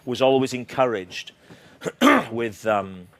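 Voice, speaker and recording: A middle-aged Welsh man with a slightly sore throat, talking in a playful, self-mocking way. He speaks at an average male pitch and laughs a lot as he talks. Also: big pitch swings, takes it slowly, a bit bright. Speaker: author and comedian guest. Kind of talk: casual interview chat.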